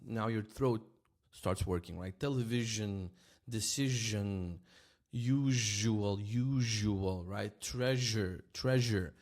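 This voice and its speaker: A man with a lowish voice teaches a language lesson in a relaxed, casual way, repeating example words slowly and often checking in with "right?".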